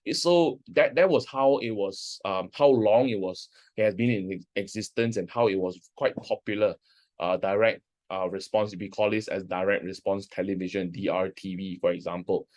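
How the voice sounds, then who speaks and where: Chatty male lecturer, slightly low voice. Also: normal speed, darkish tone. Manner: conversational, often restarts sentences. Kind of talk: university lecture.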